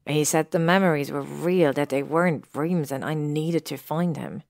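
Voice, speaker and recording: A woman's voice: deep voice, normal speed, creaky, darkish tone, dry recording, clean studio sound. A woman doing a frustrated young man. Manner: insistent, raises his voice. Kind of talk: audiobook reading of fan fiction.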